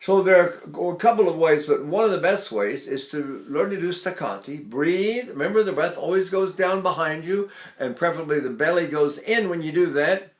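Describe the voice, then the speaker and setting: A man's voice: fairly high pitch, normal speed, hardly any pauses. Older male voice teacher, chatty. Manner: chatty, loose explanations with sung demonstrations. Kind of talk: vocal technique lesson.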